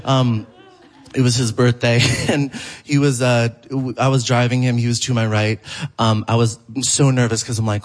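A male comedian doing a live stand-up set on a theater stage, telling stories animatedly and laughing through his punchlines. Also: normal speed. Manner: animated storytelling that jumps high for quoted voices.

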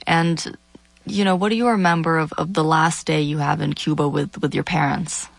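A woman interviewing a guest, asking measured, halting questions with gentle prompts. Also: low-pitched, steady tone, gravelly, dry recording.

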